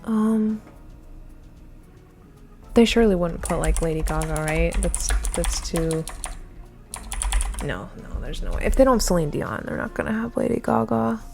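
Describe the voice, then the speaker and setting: A quiz video creator with a lowish, creaky, slightly mellow voice thinks aloud during a timed trivia quiz. She's unhurried, with long pauses, yet flustered, muttering and hesitating often. Faint music plays behind her.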